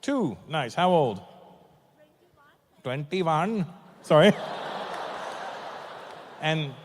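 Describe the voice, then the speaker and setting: A man from Canada doing a stand-up comedy set, teasing the crowd in an animated, mocking way that rises to shouts. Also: fairly high pitch, drawn-out words. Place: large comedy venue with audience. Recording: live stage recording in a reverberant hall.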